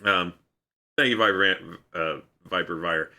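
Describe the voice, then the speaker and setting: Self-mocking man with a bright voice. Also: sits low, measured pace. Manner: rambling, self-mocking asides. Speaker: streamer. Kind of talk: casual live stream chat.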